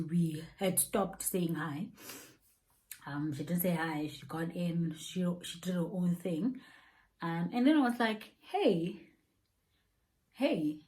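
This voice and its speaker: A young South African woman with a South African accent telling an animated story, laughing often and dropping local slang. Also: on the low side, low-quality recording. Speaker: YouTuber. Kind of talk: casual storytime.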